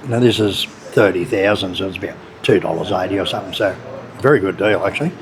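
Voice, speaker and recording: This low-voiced Australian man talks fast while narrating a casual food vlog about a local cafe. He comes across as laid-back, relaxed and chatty, with a noisy cafe audible behind him.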